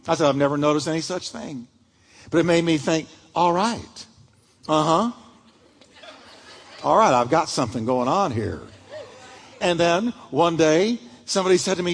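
Male pastor preaching, storyteller who acts out voices, high and lively delivery, recorded in a reverberant sanctuary. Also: normal speed, breathy edge. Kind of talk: sermon.

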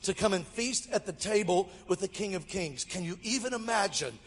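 Speaking at a moderate pace in a high, slightly breathy voice, this guest preacher from Mobile, Alabama, in the US, is middle-aged. He tells a humorous sermon story with lively energy and jokes with the crowd, while a large hall adds long reverb.

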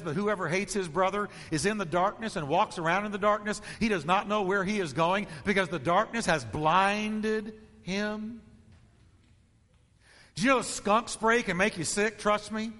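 A man's voice: sits high, moderate pace, a bit bright, in a large hall. A man preaching a sermon as pastor, emphatic and rhythmic, stacking repeated phrases.

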